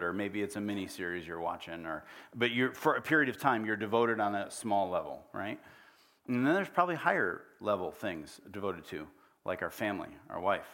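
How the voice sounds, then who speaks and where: A man's voice: fairly low pitch, lively intonation, brisk, sharp tone. Conversational middle-aged male pastor preaching. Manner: conversational, asks the congregation questions. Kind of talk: sermon. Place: church.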